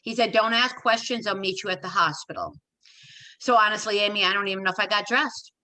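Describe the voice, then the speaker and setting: Give me a bright-voiced middle-aged woman telling her story. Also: medium pitch, brisk. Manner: retells events with quoted dialogue and emphatic repetition. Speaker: interview guest. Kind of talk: emotional personal storytelling.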